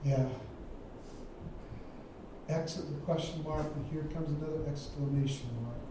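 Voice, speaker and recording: A man's voice: a little high, fairly even intonation, unhurried, noisy background. A man preaching a sermon as a guest speaker, emphatic, repeating his key phrases for weight. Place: church sanctuary. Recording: echoey church from far off.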